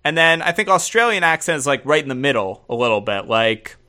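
A man co-hosting a podcast in a relaxed, joking tone. His voice is bright and forward, with a middling pitch. He riffs playfully and slips into quick mock voices. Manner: jokey, playful, quotes people in funny voices. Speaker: podcast co-host. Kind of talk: casual chat.

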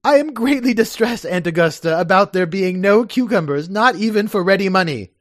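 A man voicing a fussy, flustered young English gentleman in a raised, squeaky voice, reading a play aloud. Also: expressive, fairly quick, no echo, studio quality.

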